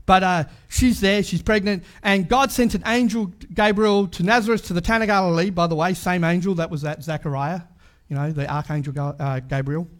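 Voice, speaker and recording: A man's voice: high-pitched, steady tone, brisk. A man preaching a sermon in a chatty way, full of asides and rhetorical questions.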